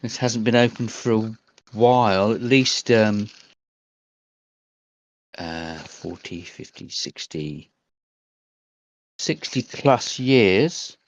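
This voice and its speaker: A man voicing a fussy older male bank supervisor in a tabletop game, halting and fumbling. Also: fairly low pitch, no echo, lo-fi sound.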